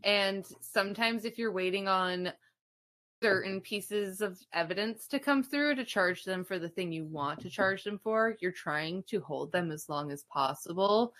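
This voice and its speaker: A woman co-hosting a podcast in loose, casual chat, her vowels carrying a Minnesota twang. Her voice is bright and forceful, and she builds into emphatic, swearing rants. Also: mid-range voice, measured pace. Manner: emphatic and profane, with rising outbursts. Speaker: podcast co-host.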